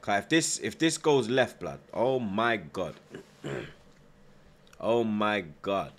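A man's voice: fairly low pitch, sing-song, takes it slowly. A young man, chatting casually on a live football stream, reading out viewer comments, nervous but hyped. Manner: slangy, repeats himself, reads out chat, nervous yet hyped.

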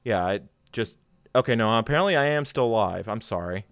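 A man's voice: lowish voice, animated, a little fast, fairly bright tone, clear, resonant tone. A man hosting a live tech stream, rambling through commentary with many fillers and self-deprecating chuckles.

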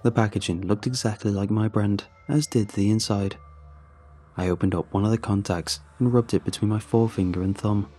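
A man reading a first-person horror story in a scripted, even, conversational narration. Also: lowish voice, brisk.

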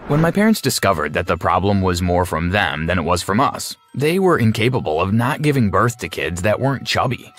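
A man narrating a scripted animated story in a wry, sardonic way. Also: sits low, a little fast, hardly any pauses. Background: faint music.

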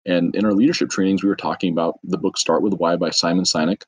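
A middle-aged man, a business owner from the trades, chatting as a podcast guest in a loose, self-deprecating storytelling way with quick asides. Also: sits low, steady tone, dry recording, low-quality recording. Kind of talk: casual storytelling.

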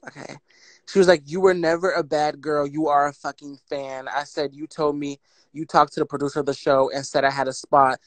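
A woman, telling her story on a phone livestream in a blunt, profane, animated way and reading out text messages. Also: sits low, a little fast, dry recording.

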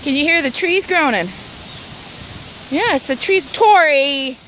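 A woman's voice: high-pitched, slow pace, fairly bright tone. A woman outdoors among leaves and trees, calling and coaxing her pets in a sing-song way. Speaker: dog owner. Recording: noisy outdoor recording.

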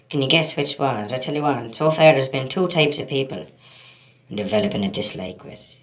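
An Irish man in full rant, swearing freely and hammering the same point again and again. His pitch leaps and drops all over the place as he talks straight to the lads watching. It is an animated, heated monologue. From Ireland. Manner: heated, profane ranting, repeats himself, addresses listeners as lads. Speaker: vlogger. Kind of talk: ranting monologue to camera.

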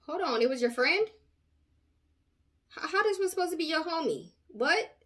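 A woman's voice: very high-pitched, lively intonation, normal speed, a bit bright. A woman hosting a commentary channel, giving sassy, outspoken reactions.

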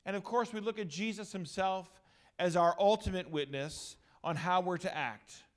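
A middle-aged male pastor giving an energetic, joking talk to a youth gathering. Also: sits high, normal speed.

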